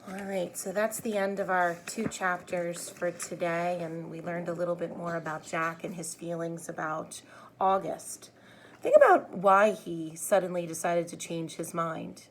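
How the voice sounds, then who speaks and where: Woman, teacher, read-aloud narration, gentle, explanatory, slow. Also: lowish voice, a little hiss or hum.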